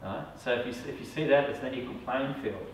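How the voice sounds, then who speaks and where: An Australian psychic medium speaks casually to a small group at a fast clip, his medium-pitched voice carrying a little hiss or hum. He keeps checking in with "all right?" as he talks. The mic sits far off in an echoey room.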